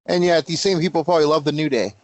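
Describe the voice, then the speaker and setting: A man's voice: fairly high pitch, very fast, a little mellow. A man co-hosting a casual wrestling podcast, cutting in with short, dry quips. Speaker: podcast co-host.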